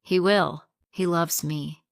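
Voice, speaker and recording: A headstrong young woman in love, as a woman reads her speaks in short, simple, defiant lines for a storybook. The delivery is slow and set a little low, with a gravelly edge to the voice. The recording is close and dry. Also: steady tone, no room sound. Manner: short, plain sentences.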